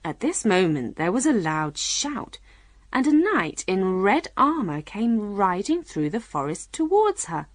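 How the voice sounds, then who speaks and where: A woman narrating a children's storybook audiobook in a clear, measured reading. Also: medium pitch, sing-song, dry recording.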